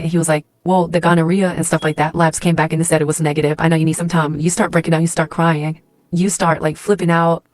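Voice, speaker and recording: A woman with a deep, fast, slightly mellow voice and little pitch movement tells a dramatic story in the second person for a social media clip. Her casual delivery rambles, packed with fillers like "like" and "and stuff like that," and the recording is dry.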